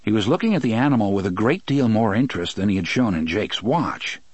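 A man narrating an audiobook with expressive storytelling. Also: fairly low pitch, brisk, slightly rough, no room sound. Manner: expressive storytelling, many voices. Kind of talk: scripted narration.

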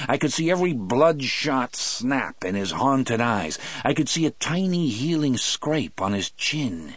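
A man reading a novel aloud in the first person, expressive and shifting between slow and quick delivery. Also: mid-range voice, dry recording. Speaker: audiobook narrator.

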